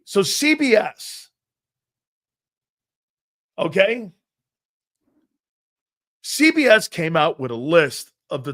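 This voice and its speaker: A male sports talk host with a somewhat high voice, talking casually and rambling from one story to the next. When he reads down a ranking he gets more animated.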